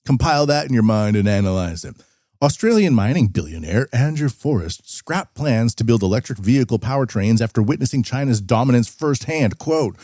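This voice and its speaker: A man's voice: mid-range voice, sing-song, a little fast, mellow, dry recording, studio quality. A man hosting a podcast, reading news articles aloud and rambling through sarcastic asides. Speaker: podcast host. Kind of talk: casual news commentary.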